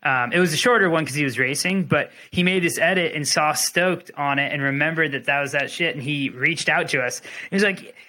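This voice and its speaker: Animated young man telling a wild story. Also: fairly high pitch, fairly quick, hardly any pauses. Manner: animated, laughing, mimics voices. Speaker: podcast host. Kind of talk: casual storytelling.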